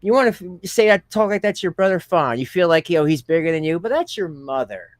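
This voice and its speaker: A man's voice: fairly high pitch, lively intonation, fast talker, no echo, studio quality. A man streaming a reaction to a video, making sarcastic, rambling comments and laughing often.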